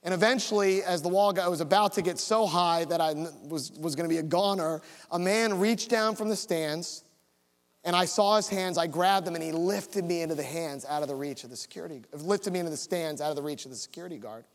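Male pastor, higher voice, storytelling sermon, long church-hall reverb. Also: a little fast. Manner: storytelling, builds to an altar call. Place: church sanctuary.

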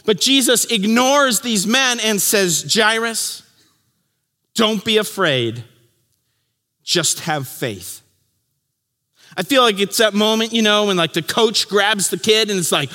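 High-voiced pastor preaching in a reverberant hall. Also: male voice, lively intonation, slow, pauses often. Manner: storytelling, acts out voices, drops to a hush for key lines. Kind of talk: sermon.

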